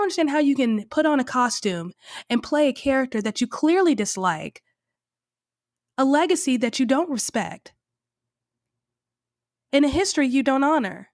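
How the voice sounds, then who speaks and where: A woman delivers opinionated film commentary in a fairly high voice. She sounds exasperated and emphatic, circling back to repeat her points. The recording is dry and close, with no room sound. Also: lively intonation, moderate pace, long pauses, dry recording. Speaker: film reviewer.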